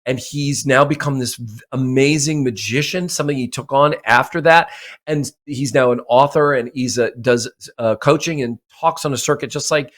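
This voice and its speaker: A man's voice: mid-range voice, normal speed, a bit bright. A man speaking as a podcast guest and mindset coach, talking emphatically and repeating phrases for effect. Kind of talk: motivational interview talk.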